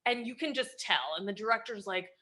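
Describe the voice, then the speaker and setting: A young woman, an actress and comedian, telling casual anecdotes as a guest, animated and laughing often as she acts out the people in her story. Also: medium pitch, a little fast.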